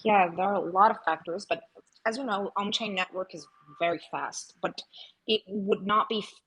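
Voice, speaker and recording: A woman guest on a talk show, her voice slightly husky and breathy. She answers at mid pitch, feeling her way through sentences with pauses and restarts. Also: a bit bright, poor audio. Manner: hesitant, with frequent "uh" and "um" and restarts. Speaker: guest, project team member. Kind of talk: interview answers.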